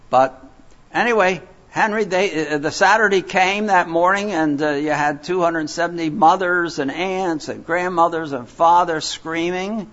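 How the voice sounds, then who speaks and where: A man's voice: fairly high pitch, measured pace, fairly bright tone. An older man from Philadelphia preaching a sermon, telling stories in a rambling, digressive way with many fillers and restarts. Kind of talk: sermon with storytelling. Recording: dull lo-fi recording.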